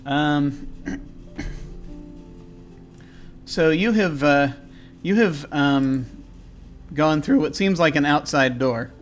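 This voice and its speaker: Male game master, hesitant storyteller, average pitch, fills pauses with ums. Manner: halting, many ums and restarts. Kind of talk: narrating a tabletop game.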